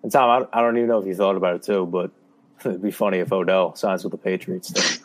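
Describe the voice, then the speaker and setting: A man co-hosting a casual sports podcast, matter-of-fact and quick to push back in the debate. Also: deep voice, steady tone.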